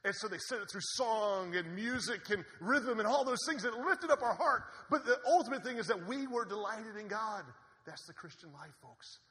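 A man preaching a sermon in an animated, conversational way, with asides to the congregation. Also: high-pitched, normal speed. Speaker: pastor. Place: church sanctuary. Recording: long hall reverb.

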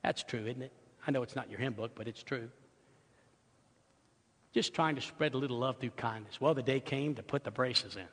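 A male pastor telling stories in a sermon, swinging from soft asides to loud, excited outbursts. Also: medium pitch, moderate pace, pauses often. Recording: long hall reverb.

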